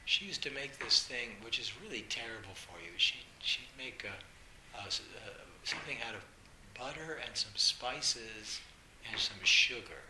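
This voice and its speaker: A man with the flu giving an informal dharma talk as a meditation teacher, telling stories in a gentle, musing way. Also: medium pitch, unhurried. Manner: gentle, musing storyteller acting out family quotes. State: has the flu, coughing. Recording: roomy sound with steady background noise.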